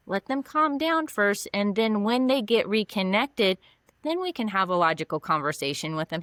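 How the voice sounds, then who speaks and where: A middle-aged woman counselor explaining in a lively conversational way, acting out little dialogues in different voices. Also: medium pitch, moderate pace, no echo. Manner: animated, acts out dialogue in voices. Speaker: mental health counselor, guest. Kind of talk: conversational explaining with acted examples.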